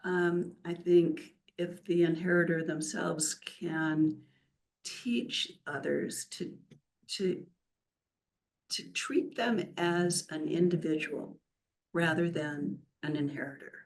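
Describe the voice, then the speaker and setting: Older lady guest, gravelly voice, tells stories and acts out what people said. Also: lowish voice, slow pace. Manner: animated storyteller who acts out quotes. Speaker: wealth counselor, podcast guest. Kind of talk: casual interview storytelling.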